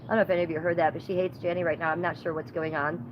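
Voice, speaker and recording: A woman's voice: lowish voice, little pitch movement, very fast, highs cut off, background noise. Woman on her livestream ranting gossip, cussing a lot, rambly. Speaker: livestream host.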